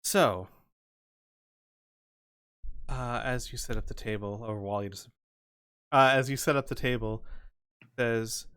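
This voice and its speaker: A man narrating as game master of a tabletop role-playing game, with a relaxed, filler-heavy manner. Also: mid-range voice, unhurried, long pauses, clear, resonant tone.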